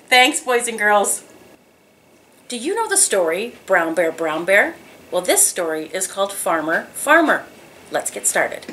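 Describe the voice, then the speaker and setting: A woman teaching preschool children in a slow, sing-song, animated way. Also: medium pitch. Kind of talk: children's lesson and picture-book reading.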